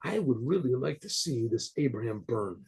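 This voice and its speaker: A man voicing a spiteful, scheming male bishop in a spoken story, talking in a low, hushed, gloating way. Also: lively intonation, normal speed, vocal fry, slightly rough, heavily acted.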